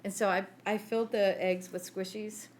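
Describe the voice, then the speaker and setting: A woman co-host spins a lively story with frequent laughs and voices for the people in it. Her voice sits at a middling pitch. A faint hiss sits under the recording. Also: normal speed. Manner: animated storyteller, laughs often, acts out quotes. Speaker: podcast co-host. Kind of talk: casual chat.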